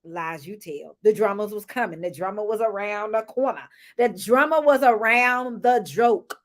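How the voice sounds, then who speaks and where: A woman casually recapping a reality show episode, chatting to viewers with lively asides and storytelling. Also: medium pitch, moderate pace.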